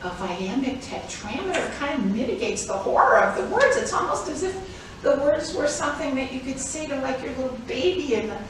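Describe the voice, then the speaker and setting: A woman's voice: high-pitched, animated, brisk. A woman giving a comedic spoken-word performance, chatty and profane, laughing often. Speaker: stage performer. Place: live performance venue. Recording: very echoey room, mic far off, audible noise.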